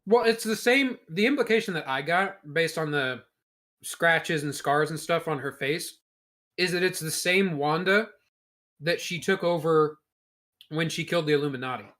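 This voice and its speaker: A man's voice: fairly high pitch, moderate pace, fairly bright tone. A man co-hosting a podcast in casual chat, explaining at length in a blunt way and swearing freely. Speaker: podcast co-host.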